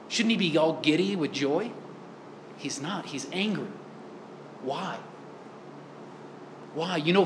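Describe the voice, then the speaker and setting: A man's voice: high-pitched, a bit bright, reverberant, a little hiss or hum. A man giving a sermon in a church, earnest and full of rhetorical questions. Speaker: priest.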